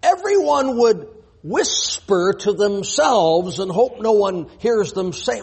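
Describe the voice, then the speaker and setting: A man's voice: high voice, big pitch swings, slow pace, creaky, a little mellow, breathy edge. A man preaching a sermon in a church, reading scripture aloud and pressing his point with rhetorical questions.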